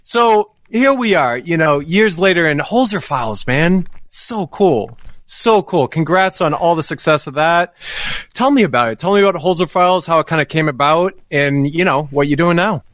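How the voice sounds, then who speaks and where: A man hosting a podcast, chatting in a relaxed, friendly way with frequent laughs. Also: a little high, moderate pace, no echo. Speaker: podcast host. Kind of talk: casual chat.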